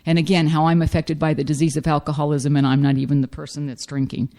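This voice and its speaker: A woman's voice: low voice, little pitch movement, fast, warm tone. Blunt middle-aged woman sharing her story. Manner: frank, blunt and self-mocking. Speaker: speaker sharing at a recovery meeting. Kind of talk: personal recovery testimony.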